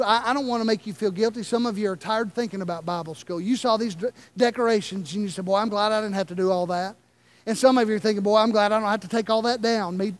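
A man preaching a sermon as pastor, with impassioned delivery and dramatic slow pauses. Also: very high-pitched. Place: church sanctuary.

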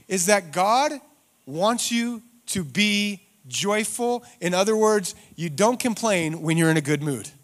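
Man preaching with soaring, dropping intensity. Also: fairly high pitch. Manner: dynamic preaching, swings between loud rhetorical questions and hushed emphasis. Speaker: pastor. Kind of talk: sermon. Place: church.

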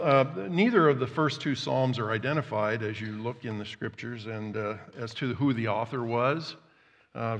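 A man preaching a sermon as pastor, reading scripture aloud earnestly and pausing often with fillers. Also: medium pitch, fairly bright tone. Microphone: worn microphone. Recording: long hall reverb.

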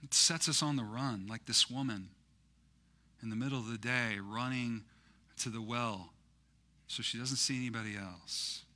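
A male pastor preaching a sermon in a casual, conversational way, full of fillers, that swells into loud, impassioned peaks. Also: medium pitch, normal speed, long pauses.

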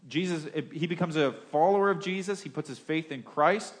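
This is a man preaching a sermon with a voice pitched a bit high. He talks to the congregation in a casual, conversational way, repeats and restarts words, and often lets his phrases sink down quieter. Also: fairly quick. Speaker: pastor.

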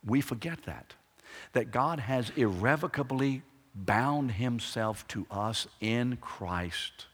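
A man's voice: medium pitch, animated, slow pace, a bit bright, husky. A man preaching a sermon with emphatic phrasing and rhetorical questions to the congregation. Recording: echoey hall reverb.

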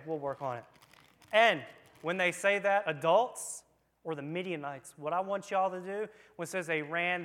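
A man's voice: on the high side, a bit bright. A man leading an interactive Bible lesson for children, reading scripture and joking in a playful, casual way. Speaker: children's church leader. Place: church room with children present.

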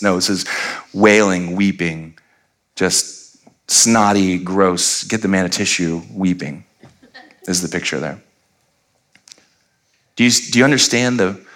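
Male pastor, bright voice; lively sermon storyteller who dramatizes scenes. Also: on the low side. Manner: animated, acts out quoted voices.

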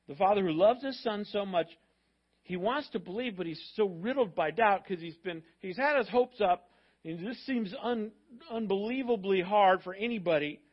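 A man preaching a sermon, telling a story in an animated, conversational way. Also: sits high, dull audio. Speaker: pastor.

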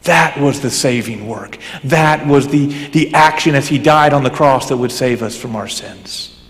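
A male pastor preaching a sermon, swinging between fervent raised emphasis and hushed, low passages. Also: measured pace. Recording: long hall reverb.

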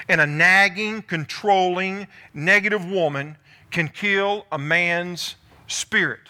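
A male pastor giving a lively sermon, asking the congregation questions and calling on people by name. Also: sits high, measured pace. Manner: animated, calls on listeners by name, asks the room questions.

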